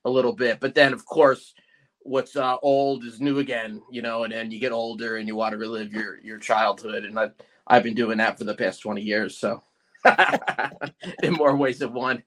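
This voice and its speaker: A man's voice: mid-range voice, steady tone, moderate pace, a bit bright. A man in his forties chatting casually as a podcast host, rambling with many fillers and restarts. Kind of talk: casual chat.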